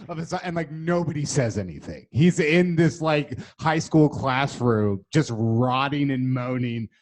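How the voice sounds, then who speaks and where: A man's voice: mid-range voice, animated, measured pace. A man co-hosting a podcast, chatting casually with enthusiasm, swearing and laughing. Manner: enthusiastic, profane, laughs often. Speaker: podcast co-host. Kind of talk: casual chat.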